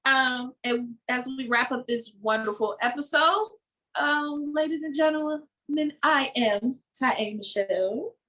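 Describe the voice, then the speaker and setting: Bright-voiced, laughing woman podcast co-host. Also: high voice, a little slow, rough recording. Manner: laughs often, rambling fillers. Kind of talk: casual chat.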